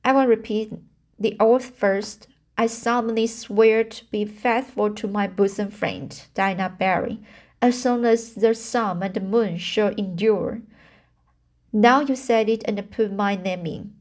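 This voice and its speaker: A woman voicing an eager, dreamy young girl in a storybook reading, slow and halting with restarts. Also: medium pitch, steady tone, darkish tone, natural voice.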